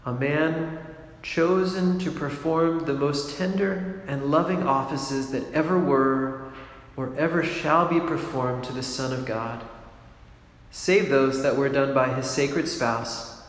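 A man, a priest from a monastic order, giving a gentle, reflective sermon, unhurried and often breaking into soft laughs. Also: mid-range voice, fairly even intonation. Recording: very echoey hall with long reverb, faint room noise.

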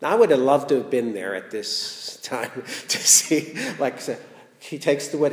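A man's voice: medium pitch, expressive, unhurried, roomy sound, in a large hall. A man giving a sermon, retelling a story in a playful way with rhetorical questions. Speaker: preacher.

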